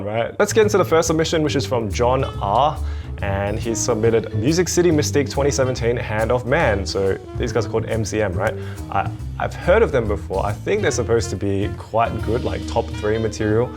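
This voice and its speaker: Young man, mid-pitched, excitable reaction host, percussion music behind. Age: 20s. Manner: chatty, excitable, laughs often. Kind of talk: casual reaction video. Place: home studio. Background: marching percussion show playing.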